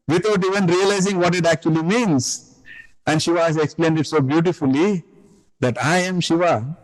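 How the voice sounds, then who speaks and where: A man's voice: fairly high pitch, fairly quick, rough recording. Man telling a spiritual parable. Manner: conversational, asks listeners "you know?", acts out quotes. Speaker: spiritual teacher. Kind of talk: live scripture talk with storytelling. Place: live session with a group.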